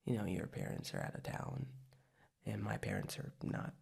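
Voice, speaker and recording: A woman's voice: very deep voice, big pitch swings, moderate pace, creaky, darkish tone, slightly rough, heavily acted. A woman in whispered role-play as a young adult girlfriend, talking in a hesitant, rambling way with lots of restarts. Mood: sleepy, tender.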